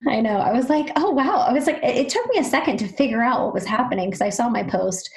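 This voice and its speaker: A woman speech-language pathologist co-hosting a podcast, chatting quickly and animatedly with lots of "you know"s. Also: fairly high pitch, lively intonation, creaky, a little mellow, rough recording. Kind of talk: casual podcast chat.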